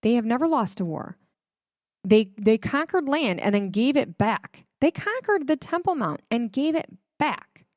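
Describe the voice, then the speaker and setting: A woman's voice: fairly high pitch, very animated, measured pace, a little mellow, dry recording. A woman hosting a casual religious commentary, chatty and emphatic, with many fillers, speaking straight to her viewers. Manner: addresses viewers directly. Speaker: host.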